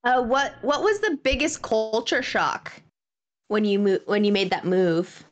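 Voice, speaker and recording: A woman's voice: on the high side, measured pace, lo-fi sound. A woman co-hosting a podcast, playful and teasing as she chimes in and asks questions. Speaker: podcast co-host. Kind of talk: casual interview chat.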